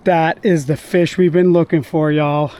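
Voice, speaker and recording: A man narrating his own fishing trip from a kayak outdoors, chatting casually and bursting into excited exclamations. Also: a little high, unhurried, a little hiss or hum. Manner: excitable, bursts of exclamations while landing fish. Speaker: fishing vlogger. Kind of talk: casual on-the-water commentary. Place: outdoors on a lake or river from a kayak.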